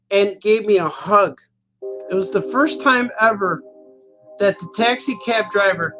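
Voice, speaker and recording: A man's voice: sits high, sharp tone, rough recording. A man telling a rambling, playful anecdote in a casual monologue, often chuckling. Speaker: cartoonist telling a story.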